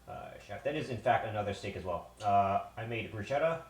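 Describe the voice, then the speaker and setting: A man's voice: fairly low pitch, animated, fairly quick. A man streaming live from a home kitchen, winded and tired. He rambles to his viewers and swears often. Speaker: livestreamer. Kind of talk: casual live-stream chat.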